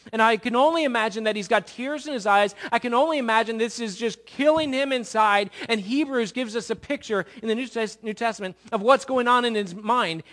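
Guy preaching, high bright voice, acts out the bible story, goes loud then real quiet. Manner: dramatic retelling, acts out voices, swings from loud to hushed. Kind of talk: sermon.

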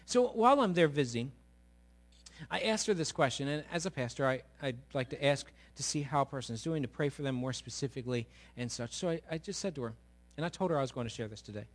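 A man preaching a sermon as pastor to his congregation. He swings from loud to hushed and keeps asking the listeners questions. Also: medium pitch, animated, quick pace. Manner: asks the congregation rhetorical questions. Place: church sanctuary before a congregation.

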